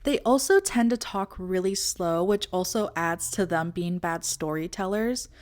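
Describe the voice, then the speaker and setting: A woman's voice: lowish voice, unhurried. Chatty young woman vlogging. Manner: playful, animated, acts out friends' voices. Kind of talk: casual chat to camera.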